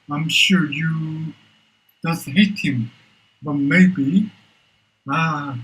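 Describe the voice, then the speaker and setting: A man shadows English drama dialogue, repeating each phrase many times. His voice is husky and sits a little high, and he speaks slowly and with care. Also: rough recording. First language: Korean. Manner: repeats short phrases again and again, slow and careful. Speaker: English learner. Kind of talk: shadowing drills of drama lines.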